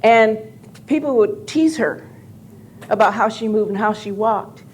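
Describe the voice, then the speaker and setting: An older woman on a live convention panel, telling animated, joking stories with some profanity. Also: medium pitch, a little slow, slight background noise. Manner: animated, jokey, profane anecdotes.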